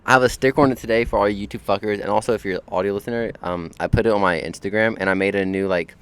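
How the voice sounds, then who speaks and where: A man's voice: fairly low pitch, fairly even intonation, racing, clean tone. A young man hosting a podcast outdoors on a deck, telling a story in a laid-back way full of swearing and fillers. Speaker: podcast host. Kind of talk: casual storytelling monologue.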